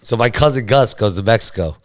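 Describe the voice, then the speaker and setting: Male podcast co-host, casual and foul-mouthed, quick storyteller. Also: lowish voice, expressive. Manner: profane, rapid storyteller.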